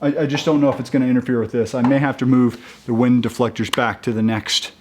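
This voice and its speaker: A man talking casually in a how-to video, halting and upbeat, with many restarts and fillers as he works. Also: medium pitch, level tone, background noise. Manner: chatty and upbeat. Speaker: vlogger installing a roof rack.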